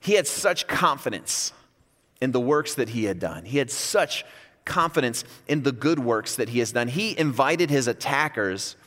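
A man preaching a sermon as pastor, in a conversational, animated way with casual asides. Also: mid-range voice, normal speed. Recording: long reverb from a large hall.

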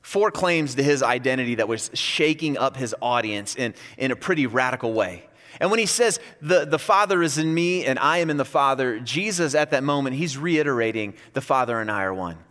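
A man preaching a sermon as pastor, in a conversational, animated way with casual asides. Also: mid-range voice, a little fast. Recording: long reverb from a large hall.

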